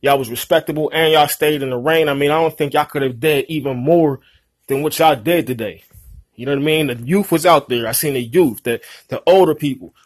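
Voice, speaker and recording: Young man, angry direct-to-camera commentary, profane, fairly high voice, dry close sound. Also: a little fast, slightly rough, no room sound. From Pittsburgh, USA. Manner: heated, profane, repetitive, addresses viewers as y'all. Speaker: online newscaster.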